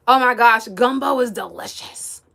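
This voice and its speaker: A young woman from the US East Coast chats on her livestream, reading out viewer comments. Her voice is bright and a little high, and she giggles often between easygoing remarks. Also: creaky. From United States, East Coast. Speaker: livestream host.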